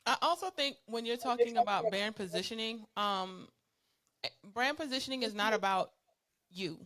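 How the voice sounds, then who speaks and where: A woman's voice: a little high, normal speed, pushed and bright. A woman co-hosting a business talk, explaining branding in a passionate, conversational way with frequent fillers. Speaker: co-host. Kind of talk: business advice discussion.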